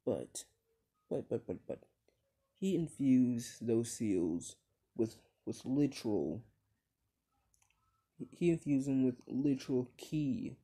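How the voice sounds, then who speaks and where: A man's voice: medium pitch, expressive, slow pace, pauses often, warm tone, husky. A man casually retelling his own fan story, rambling with many fillers and restarts, and swearing when he slips.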